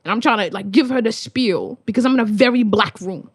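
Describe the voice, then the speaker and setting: A young woman from Australia, a spoken word poet, telling stories in a casual conversation, animated and swearing freely. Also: fairly high pitch, a little fast, husky, no echo, studio quality. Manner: animated, swears freely, acts out voices in anecdotes.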